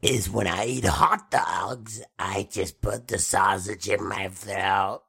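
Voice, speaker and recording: A low, gravelly, rasping croak, the voice of a man talking through a throat stoma. He drags each word out slowly and keeps a flat, deadpan delivery. The croak sounds strained and breathy. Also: full character voice. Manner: deadpan crude bits.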